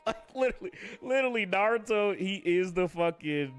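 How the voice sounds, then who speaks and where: A man's voice: sits high, lively intonation, moderate pace, clean tone, faint music behind. A man ranting casually on a live stream, swearing constantly, laughing often and jumping into quoted character voices.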